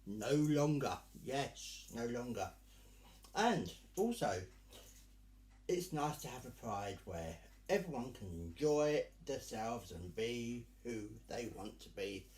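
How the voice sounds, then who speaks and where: A man performing as a drag act speaks to his online audience in a campy, theatrical way. His pitch leaps all over the place while he keeps an unhurried, drawn-out pace. The room around him rings with echo. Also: very animated, darkish tone. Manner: camp, theatrical, calls listeners dear and darling. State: sweltering in costume. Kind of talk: live virtual Pride stage address.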